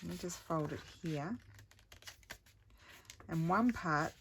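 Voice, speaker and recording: A middle-aged woman with a low voice talks through a craft project at home. She thinks out loud in a casual, self-mocking way. The room has a faint hiss behind her. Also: slow. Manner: chatty, thinks aloud, self-deprecating. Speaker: craft vlogger. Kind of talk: casual crafting tutorial chat.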